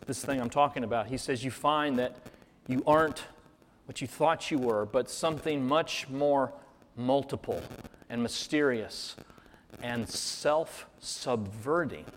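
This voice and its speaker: Male pastor, mid-range voice, earnest sermon delivery from a reverberant church hall. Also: medium pitch. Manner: earnest, reflective, with rhetorical questions. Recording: reverberant hall, faint noise.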